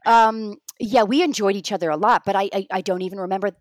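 A middle-aged woman on a home mic, chatting as a guest actor. She tells lively stories and acts out the lines she quotes. Her voice is of middle height, in a dry room. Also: medium pitch, quick pace, no echo. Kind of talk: casual remote interview chat.

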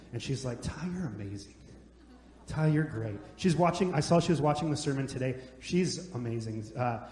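A man's voice: mid-range voice, darkish tone. Casting: young male pastor, joking storyteller, big church reverb. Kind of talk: sermon. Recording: echoey hall, long reverb.

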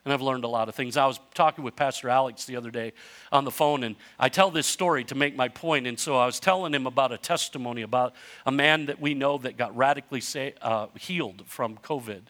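An older man preaching a sermon, telling stories in a conversational way with restarts and building to emphatic, animated runs. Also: mid-range voice, a little fast. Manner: conversational storytelling with self-interruptions. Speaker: pastor.

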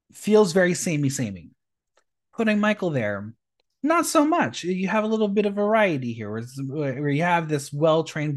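A podcast host in easy, gushing conversation. The pitch swings widely and the talk bounces with enthusiasm. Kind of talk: casual chat.

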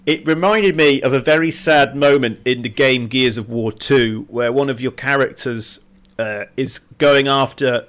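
A man's voice: medium pitch, a little slow, a bit bright. A man co-hosting a film podcast, recapping the plot and chatting casually with lots of laughs and stumbles. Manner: chatty, giggly, rambling with stumbles; reads plot summary in a storytelling tone. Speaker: podcast co-host.

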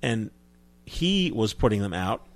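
A New Jersey man, a film distributor, chats through stories as a guest in a casual interview, often restarting his sentences. His voice sits fairly low, and he's very animated yet unhurried.

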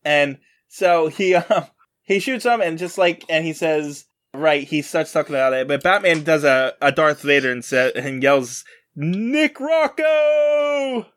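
A man with a fairly high, fairly bright voice speaks at a moderate pace. He's hosting a casual podcast chat, rambling through a comic's plot and correcting himself along the way.

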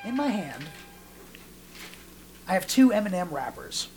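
A man's voice: high-pitched, measured pace, faint music behind. A man, likely in his late twenties, telling a story on a podcast in casual, profane chat, acting out voices for the people he quotes. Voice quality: storytelling, animated voices in quotes, swears freely. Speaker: podcast host.

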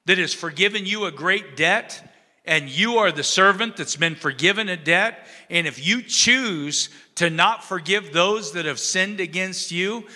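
A man preaching a sermon in a conversational, animated storytelling way, acting out the characters' lines. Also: a little high, long reverb tail. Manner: conversational, asks the audience "you know what I'm saying".

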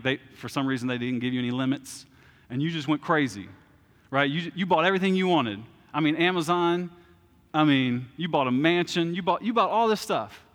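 Conversational preacher in an echoing hall. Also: male voice, a little high, a bit bright. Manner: conversational preaching with asides and restarts. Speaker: pastor. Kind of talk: sermon.

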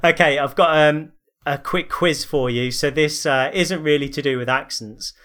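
A man co-hosting a podcast who chats in a relaxed, joking way and runs a quick quiz. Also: fairly high pitch. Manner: laid-back, joking. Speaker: podcast co-host. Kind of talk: casual chat.

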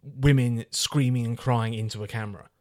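A man's voice: medium pitch, fairly even intonation, normal speed, darkish tone, no echo, studio quality. A man ranting and swearing freely while reviewing a film on a casual podcast. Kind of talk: casual chat.

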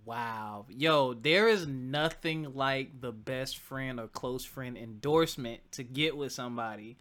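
A man's voice: mid-range voice, a little slow, fairly bright tone. A man hosting a casual chat, asking questions in a loose, teasing way and laughing often. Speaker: podcast host.

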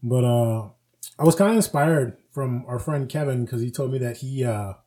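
A man co-hosting a casual podcast, telling stories with lively acted-out quotes. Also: mid-range voice, normal speed. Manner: animated storyteller, acts out quotes. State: recovering from flu. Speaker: podcast co-host. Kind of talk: casual chat.

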